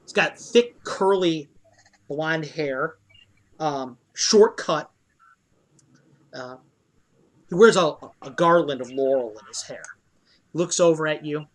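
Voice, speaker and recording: A man narrating as dungeon master in a tabletop role-play game, loose and halting with many fillers. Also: on the high side.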